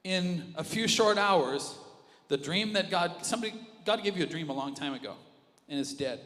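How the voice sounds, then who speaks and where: A male pastor preaching an animated sermon, dropping to a hush and then rising loud again. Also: high-pitched, moderate pace. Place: church auditorium with reverb. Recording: live church audio with long reverb and music underneath. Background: worship music.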